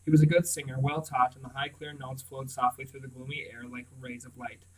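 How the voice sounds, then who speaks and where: A man's voice: medium pitch, flat delivery, fairly quick, far from the mic, poor audio. Man reading a novel aloud. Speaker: audiobook reader. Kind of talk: storybook read-aloud narration.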